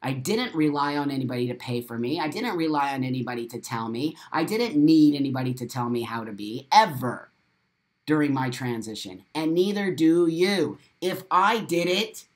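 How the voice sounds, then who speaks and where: A man's voice: a little high, normal speed. A middle-aged man hosting a live video show, delivering a blunt, profane, preachy monologue and repeating phrases for emphasis. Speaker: host of a live morning show.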